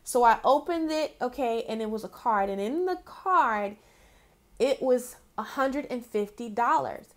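A young woman with a high voice gives a tarot reading in a loose, affectionate way. She talks in a chatty storytelling manner, full of fillers, and calls her listeners "honey". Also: lively intonation, unhurried. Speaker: tarot reader. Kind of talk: casual spiritual card reading.

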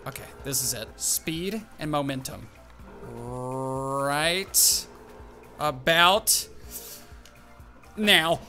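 A young man commenting on his own gameplay, animated and quick to exclaim and laugh. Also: mid-range voice, soft background music. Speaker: gaming YouTuber.

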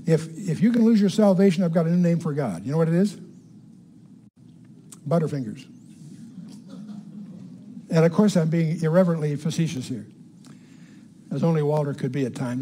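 Older guy teaching bible, chatty, higher voice but mellow, slows down hard on the verses.

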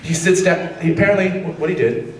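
A man's voice: on the high side, quick pace, reverberant, distant mic, poor audio. A man in his twenties telling a rambling stand-up story on a comedy stage, laughing at his own jokes.

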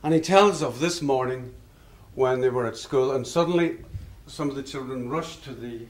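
A man with a mid-range voice and moderate pace gives a public lecture in a lecture hall, telling discursive, anecdotal stories and chuckling at his own tales. The recording sounds roomy, with the mic far away.

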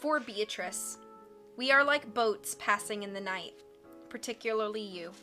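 Bright-voiced woman reading aloud. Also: mid-range voice, unhurried, faint music behind. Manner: expressive reading with casual asides to chat. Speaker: streamer reading a book aloud. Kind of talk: audiobook reading on a live stream.

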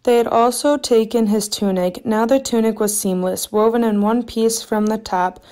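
Soft-spoken woman reading scripture. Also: a little high, steady tone, moderate pace. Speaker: scripture reader. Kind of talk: reading the Passion aloud in church.

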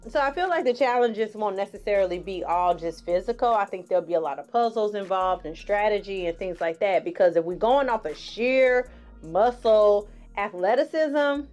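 Woman, 40s, online TV reviewer; sassy, lively recap talk, mid-range voice, faint music underneath. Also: medium pitch, normal speed, lo-fi sound. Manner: sassy and animated, calls viewers honey, laughs often. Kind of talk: casual reality show recap.

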